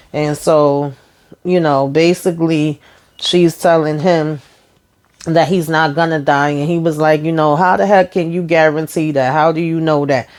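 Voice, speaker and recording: Deep-voiced woman recapping a TV episode. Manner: retells scenes by quoting characters, animated asides. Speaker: TV recap host.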